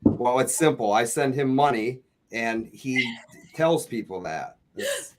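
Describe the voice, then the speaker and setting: A man's voice: medium pitch, expressive, slow pace. A man hosting a casual livestream about coin collecting, laid-back and joking, with the odd swear word. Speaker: host of a coin collecting channel.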